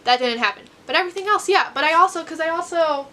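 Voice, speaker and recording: A woman's voice: very high-pitched, animated, fast talker, bright, forceful tone. An American woman in her twenties, chatting to camera at home about her unread books in a rambling, self-deprecating way. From United States. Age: 20s. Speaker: book vlogger. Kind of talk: casual chat to camera.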